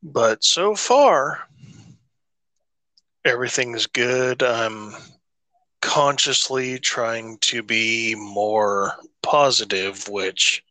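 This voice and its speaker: Casual podcast guy, bright tone, slow and meandering, dry close mic. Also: mid-range voice, dry recording. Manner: rambling, swearing, many restarts. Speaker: podcast co-host. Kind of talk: casual chat.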